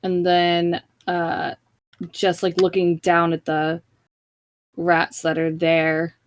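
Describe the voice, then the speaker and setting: A woman playing in a tabletop game, speaking in a hesitant, halting way with many fillers. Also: on the low side, monotone, slight background noise. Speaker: player. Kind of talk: casual tabletop play.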